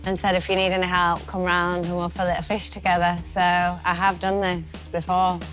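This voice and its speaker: A woman's voice: fairly low pitch, monotone, moderate pace, a bit bright, faint music behind, rough recording. A woman competing in a cooking contest, chatting in a casual, self-deprecating way. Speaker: celebrity contestant. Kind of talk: casual interview chat.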